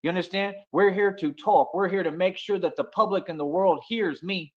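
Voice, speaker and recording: In a muffled recording, an American man with a high voice talks a little fast during his casual livestream monologue. He swaggers and brags, looping back over and over with "like I said."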